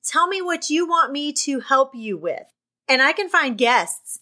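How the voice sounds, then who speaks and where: A woman's voice: sits high, animated, a little slow, bright, forceful tone. A middle-aged woman hosting a podcast, giving an enthusiastic, faith-filled pep talk to her listeners. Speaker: podcast host. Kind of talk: excited podcast monologue.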